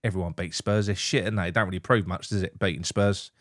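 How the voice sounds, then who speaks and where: A man's voice: low voice, fairly even intonation, fast, fairly bright tone, no room sound, studio quality. A man hosting a casual football chat, blunt and sweary, laughing through his banter. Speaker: show host.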